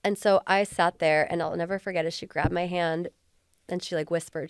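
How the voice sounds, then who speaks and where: A woman's voice: on the low side, fairly even intonation, brisk, clear, resonant tone, no echo. A woman guest on an interview podcast, speaking candidly in a heartfelt, earnest way with lots of casual fillers, recorded on a close podcast mic. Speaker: podcast guest, former police officer.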